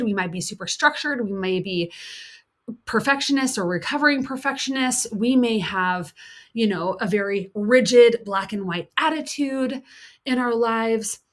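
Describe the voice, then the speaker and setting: A woman coach giving an earnest teaching talk. She repeats key points for emphasis, voices the harsh inner critic, and slips into a soft, soothing tone. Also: mid-range voice, normal speed. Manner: soft, soothing tone for self-kindness.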